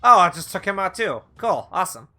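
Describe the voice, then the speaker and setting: A man streaming a game, chatting casually with quick reactions and casual swearing. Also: high-pitched, big pitch swings, bright, forceful tone. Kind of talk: casual gameplay commentary. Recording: faint game music behind.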